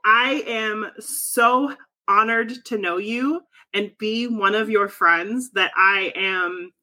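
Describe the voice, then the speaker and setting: A woman's voice: mid-range voice, slow pace, pushed and bright. A woman co-hosting a podcast in casual chat, effusive and laughing often, swearing freely. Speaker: podcast co-host.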